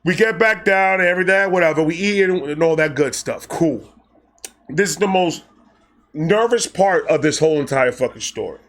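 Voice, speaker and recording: A man from Brooklyn tells a story. His voice sits a bit high, and he talks in a loose, profane, animated way, switching into voices for the people he quotes. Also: moderate pace. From Brooklyn, New York. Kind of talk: casual storytelling.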